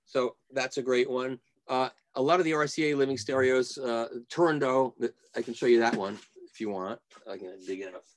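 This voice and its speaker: A man's voice: medium pitch, a little fast, dry recording. Rambling man telling stories, dry sound. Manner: rambling storyteller, restarts sentences. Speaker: guest audio reviewer. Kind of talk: casual interview.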